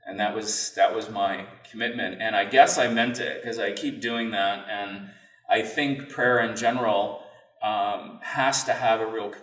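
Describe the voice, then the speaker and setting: A man as a podcast guest, telling a personal story in an earnest, reflective and halting way. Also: on the low side, fairly even intonation, a bit bright. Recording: roomy sound, mic at a distance.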